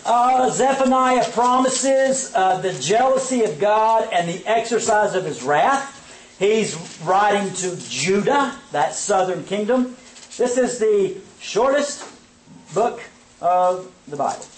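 A man's voice: high-pitched, animated, slow pace, slight background noise. A man teaching an informal Bible survey lesson, conversational and often checking in with his listeners. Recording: echoey room, mic at a distance.

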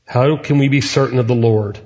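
A middle-aged man preaching a sermon as a pastor, earnest and deliberate, with measured pauses. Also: mid-range voice, fairly even intonation, darkish tone. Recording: reverberant hall, muffled sound.

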